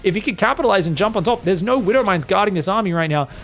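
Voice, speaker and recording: Excitable high-voiced male esports caster. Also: racing, slight background noise. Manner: excitable, swears casually, jokey. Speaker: esports commentator. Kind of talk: solo game commentary.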